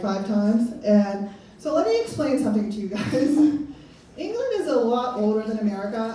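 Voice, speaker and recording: A woman in her thirties doing stand-up comedy in a club, her slightly high voice rambling and self-mocking. She is caught from far off in a very echoey room. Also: mellow, a little hiss or hum. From Pennsylvania. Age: 30s. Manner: rambling, self-mocking, laughing at own jokes.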